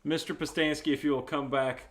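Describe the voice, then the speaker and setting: A man's voice: fairly high pitch, level tone, brisk. A man hosting a live improv comedy game, calling time and bringing players in, laughing along. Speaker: improv show host.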